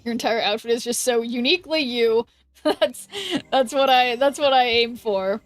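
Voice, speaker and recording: A woman's voice: on the high side, normal speed, dry recording. Giggly American woman streamer. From United States. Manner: chatty, giggly, trails off with ums. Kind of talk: casual chat while gaming. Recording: dry close mic with faint background music.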